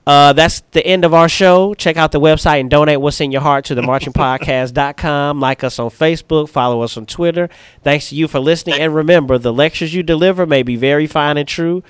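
A man hosting a podcast in relaxed, casual chat, loosely repeating phrases as he goes. His voice is smooth and resonant, a touch higher than most men's, and the recording is close and dry with no room sound. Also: a little fast, no echo. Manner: relaxed, repeats himself while wrapping up. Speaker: podcast host.

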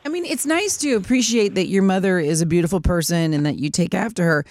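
A woman co-hosting a morning radio show in a studio, throwing in quick, wry remarks. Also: on the low side, a little mellow, no room sound. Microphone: studio microphone.

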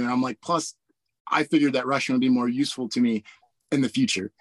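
A man in his forties from Indiana, an army pilot, telling stories in a relaxed, chatty way full of fillers and frequent laughs. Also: mid-range voice, fast talker, dry recording. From Indiana, USA. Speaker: guest, army warrant officer pilot. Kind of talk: casual storytelling interview.

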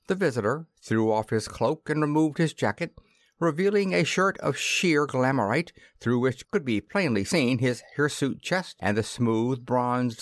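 Expressive male audiobook narrator. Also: medium pitch, dry recording, studio quality. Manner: expressive reading. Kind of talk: scripted narration.

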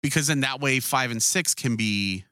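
A man's voice: medium pitch, moderate pace, pushed and bright, clean tone, no echo, studio quality. A man co-hosting a casual podcast chat, loose and profane, who keeps slipping into mocking voices to act out scenes. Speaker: podcast co-host.

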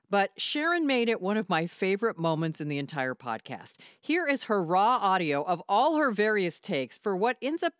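A woman's voice: mid-range voice, a bit bright, no echo, clean studio sound. A woman introducing a comedy podcast segment in a conversational, scripted way. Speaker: podcast producer and writer.

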